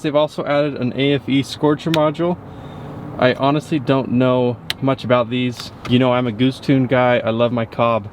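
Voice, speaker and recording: A man giving a casual, upbeat walkaround of a truck in a vlog, with frequent fillers. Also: mid-range voice. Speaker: truck reviewer. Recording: windy outdoor noise.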